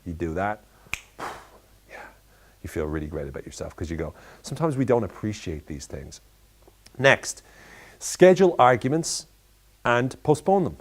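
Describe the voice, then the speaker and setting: A man giving tongue-in-cheek motivational advice in a playful, deadpan way, with animated shifts when he acts out asides. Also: a little slow, pauses often. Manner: animated, voices and pitch jumps in quoted asides. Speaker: self-development speaker.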